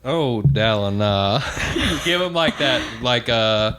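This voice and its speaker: A man's voice: mid-range voice, animated, slow, fairly bright tone, slight background noise. A man co-hosting a podcast in casual chat, hesitant and searching for words. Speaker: podcast co-host.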